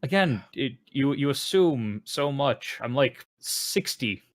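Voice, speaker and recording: A man's voice: mid-range voice, expressive, takes it slowly, no echo. A man talking in character as a tabletop roleplaying player, playful and teasing.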